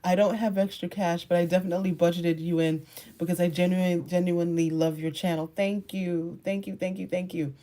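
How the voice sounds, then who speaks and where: This woman's voice sits on the low side as she runs a casual livestream as a content creator. She reads comments, answers viewers directly and laughs often, moving from quiet musing to excited bursts.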